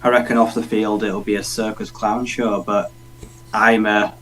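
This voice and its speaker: A man's voice: on the low side, flat delivery, moderate pace, a bit bright, rough recording. A man from the United Kingdom co-hosting a casual sports podcast, giving blunt opinions and swearing casually. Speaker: podcast co-host.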